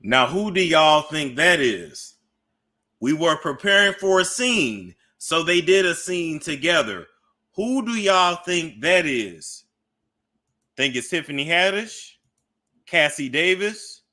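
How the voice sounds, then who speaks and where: A man's voice: fairly high pitch, sing-song, takes it slowly, bright, forceful tone. A man giving casual gossip commentary, chatty and asking his audience questions.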